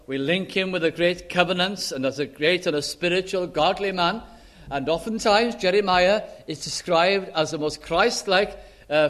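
Man preaching, emphatic, high-pitched, slows to stress key words. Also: a bit bright. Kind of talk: sermon.

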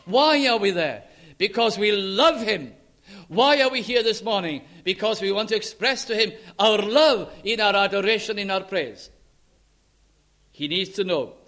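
A man's voice: high-pitched, expressive, unhurried, a bit bright. A man preaching an earnest sermon, quoting scripture in old-fashioned English and building to emphatic passages.

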